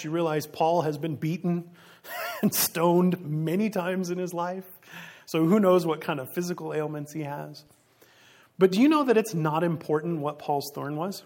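A man delivers a sermon in a rather high, husky voice. He preaches earnestly but conversationally, posing rhetorical questions to the congregation and chuckling between points. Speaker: pastor.

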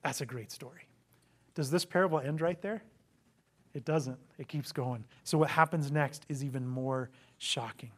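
A man's voice: medium pitch, normal speed, a bit bright. A man preaching a sermon, telling a parable with rhetorical questions and acted-out quotes. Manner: dramatic storytelling, acting out quotes, rhetorical questions. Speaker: pastor.

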